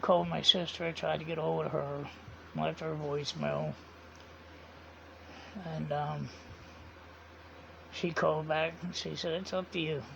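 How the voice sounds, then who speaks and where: Strongly gravelly and rough, his voice sits a little high for a man, with a level tone, a measured pace, and long pauses. The vlogger rambles casually through his story, recounting each exchange line by line with "I said" and "he said," in dull lo-fi sound with slight hiss or hum.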